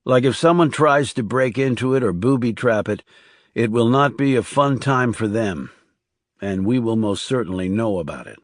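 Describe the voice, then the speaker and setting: A man voicing a tense, guarded male government assassin in an audiobook, calm and firm. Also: medium pitch, moderate pace, dry recording, clean studio sound, close to an everyday voice.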